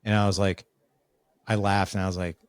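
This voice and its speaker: A man with a low voice speaks a little fast, his tone clean and free of room sound. He's a podcast guest telling a story casually and animatedly, acting out the quoted lines of the people in it.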